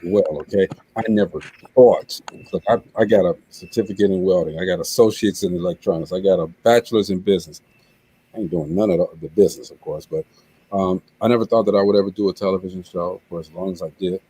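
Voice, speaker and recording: Husky low-voiced man hosting. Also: quick pace, mellow, no room sound, low-quality recording. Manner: preachy, earnest, with stumbling repeats; emotional. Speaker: show host. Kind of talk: heartfelt closing talk on a live web show.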